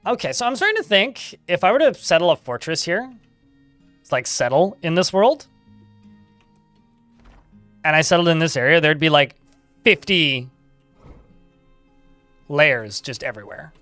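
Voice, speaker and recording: A man's voice: fairly high pitch, very animated, measured pace, pauses often, a bit bright, no echo, faint music behind. A man giving casual live gameplay commentary, chatting, reading game text aloud and swearing casually. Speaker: game streamer.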